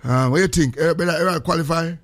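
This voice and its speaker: A man's voice: fairly high pitch, quick pace, dry recording. A man with a Jamaican accent hosting a casual morning radio show, joking in heavy patois and greeting listeners. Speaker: radio host.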